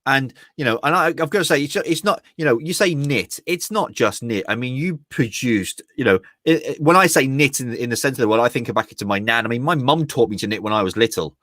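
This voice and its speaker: A man's voice: medium pitch, expressive, a little fast, hardly any pauses, fairly bright tone, dry recording, clean studio sound. A British man hosting a live online interview, enthusiastic and rambling, often restarting his sentences. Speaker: podcast host.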